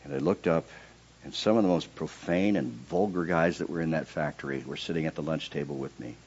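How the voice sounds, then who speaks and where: Delivering his personal testimony as a sermon, a man swings from subdued, low narration to loud, high-pitched outbursts when acting out his prayers. He talks fairly quickly with a breathy edge, over dull audio.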